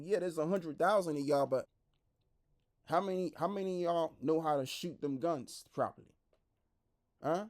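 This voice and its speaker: A man preaching online, blunt and repetitive, who drops into a lower, quieter voice when he reads scripture aloud. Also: normal speed, pauses often. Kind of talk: street-style preaching commentary.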